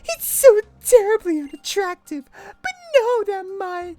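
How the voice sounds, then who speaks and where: A haughty, cruel villainess mother sneers down at everyone in a high, lilting voice, as a woman puts her on. Her delivery is unhurried and theatrical, rising and falling with drama. The sound is dry and close, with faint music beneath. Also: lively intonation, warm tone, no room sound. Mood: cold disdain. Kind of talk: voicing game text aloud.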